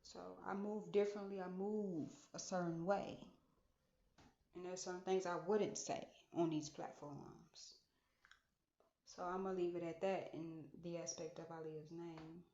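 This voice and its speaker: A woman's voice: fairly low pitch, level tone, a little slow, mellow. A woman hosting a casual solo podcast monologue, musing aloud and repeating phrases for emphasis. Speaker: podcast host. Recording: echoey room, dull lo-fi sound.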